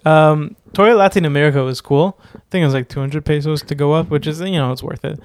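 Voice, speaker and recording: A man's voice: on the high side, fast talker, clean tone. A man chatting casually in a rambling way, with many fillers and restarts. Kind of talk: casual chat.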